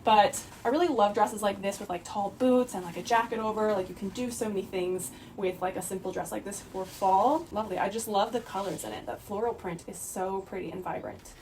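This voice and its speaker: A woman's voice: medium pitch, fairly even intonation, a little fast, few pauses, darkish tone, slight background noise. A woman, chatting casually and bubbly through a clothing try-on haul, full of "like" and "sort of" fillers. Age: 30s. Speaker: fashion vlogger.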